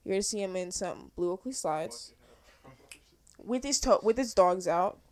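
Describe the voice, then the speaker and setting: A young woman talking fast and animatedly in a casual podcast chat, swearing often. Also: medium pitch, lively intonation, a little mellow. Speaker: podcast co-host.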